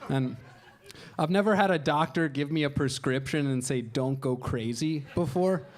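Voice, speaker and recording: A man performing stand-up into a handheld mic on a club stage, his voice sitting a bit higher than most men's. He tells wry, self-deprecating stories and jumps into raised voices when he acts out other people. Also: moderate pace. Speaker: stand-up comedian. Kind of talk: stand-up comedy set.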